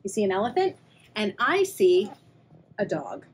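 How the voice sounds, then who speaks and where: Animated woman reading a kids' story. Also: medium pitch, unhurried, slight background noise, poor audio. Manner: animated, questioning the young listeners. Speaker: children's librarian reading a story. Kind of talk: read-aloud storytime for kids.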